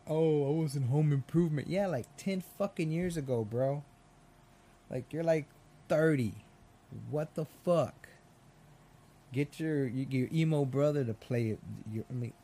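A man's voice: mid-range voice, dark tone, slight background noise. A man ranting casually and sarcastically about movies, swearing and rambling.

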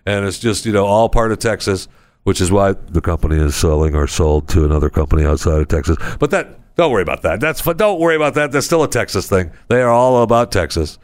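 A man's voice: animated, fast talker. A man hosting a podcast in a studio, rambling sarcastically in a casual comedic monologue. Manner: rambling, sarcastic, acts out people in high voices. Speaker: podcast host. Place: recording studio.

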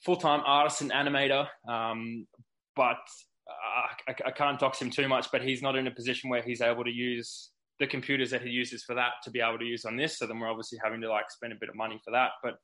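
A man appearing as a podcast guest, talking hesitantly with many pauses and fillers. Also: medium pitch, little pitch movement, sharp tone, low-quality recording. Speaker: project team member guest. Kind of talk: casual interview chat.

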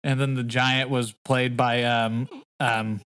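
A man's voice: mid-range voice, little pitch movement, takes it slowly, a bit bright, clear, resonant tone. A man co-hosting a podcast in casual, joking chat, laughing often and rambling. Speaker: podcast co-host.

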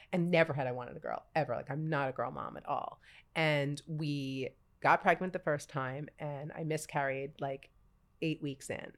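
A woman in her forties, a podcast guest telling her story in casual chat, animated and full of acted-out quotes and laughter. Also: sits low, moderate pace.

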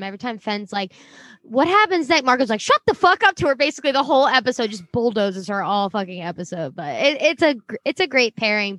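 A woman co-hosting a casual show recap, animated, swearing freely and laughing often. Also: medium pitch, dry recording. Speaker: podcast co-host, book reader.

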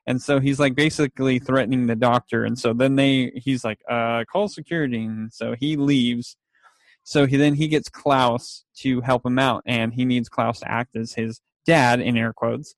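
Man, casual recapper, animated storyteller with laughs, dry close mic. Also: medium pitch, normal speed, no echo. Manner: animated retelling with laughs and acted quotes. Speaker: podcast co-host.

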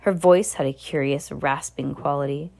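A woman reading a children's novel aloud with expressive storytelling. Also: deep voice, moderate pace, vocal fry. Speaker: reader.

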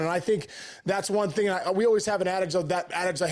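A man's voice: high voice, fairly even intonation, fast. A man in his forties, a former baseball player appearing as a podcast guest, who talks earnestly and keeps stammering and restarting his sentences. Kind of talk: casual interview chat.

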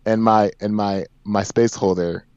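A man's voice: lowish voice, fairly even intonation, a little slow, a little mellow, dry recording. A man in his forties, a podcast guest, telling a personal story in an earnest, emphatic way with repeated phrases. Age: 40s. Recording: dry, dull lo-fi sound.

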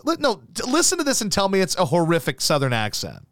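A man hosting a casual talk show, telling rambling, profane stories packed with fillers. His slightly high voice swings widely in pitch. The sound is close and dry. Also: huge pitch swings, fairly quick, hardly any pauses, a bit bright, dry recording. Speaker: show host. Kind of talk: casual chat.

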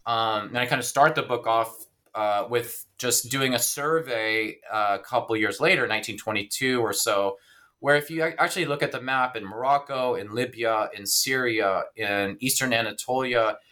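Bright-voiced man explaining his book. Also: medium pitch, normal speed. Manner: thoughtful, hesitant, many fillers and restarts. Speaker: author and historian, interview guest. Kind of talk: academic interview talk.

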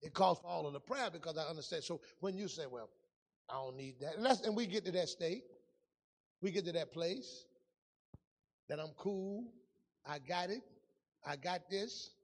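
A male pastor preaching a sermon in a church, telling stories and swinging from loud calls to hushed asides. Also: on the high side, lively intonation, moderate pace, long pauses, in a large hall. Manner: storytelling preacher, swings from loud to hushed, folksy Southern-style grammar.

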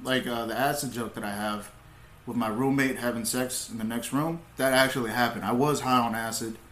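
A young man, a comedian, telling stories in laid-back casual talk, swearing freely and getting animated as he retells. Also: mid-range voice, brisk, reverberant. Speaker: comedian, podcast guest. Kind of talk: casual storytelling.

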